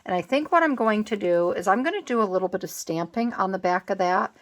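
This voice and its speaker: A woman's voice: medium pitch, expressive, brisk. A woman talking through her art journal crafting in a casual, thinking-aloud way, musing and changing her mind as she goes. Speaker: craft channel host. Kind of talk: casual craft tutorial narration.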